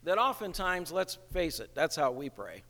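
A male pastor preaching a sermon in a church, slow and emphatic, asking rhetorical questions. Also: on the high side, sing-song, sharp tone, long reverb tail.

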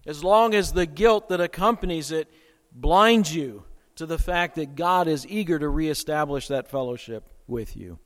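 A man preaching a sermon with dramatic swings in loudness and pace. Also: high-pitched. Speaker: pastor. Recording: long hall reverb.

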